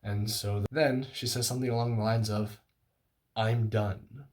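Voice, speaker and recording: A man's voice: on the low side, measured pace. Self-mocking young man telling a story. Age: young adult. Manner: self-mocking, animated, lots of fillers. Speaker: vlogger. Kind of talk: casual storytelling to camera.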